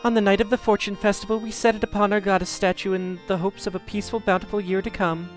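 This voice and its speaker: A gossipy, raised-voice villager, put on by a man well above his usual pitch. It is delivered as a light role-playing read with game music faint in the background. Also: level tone, fast, close to an everyday voice. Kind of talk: reading game dialogue aloud in voices.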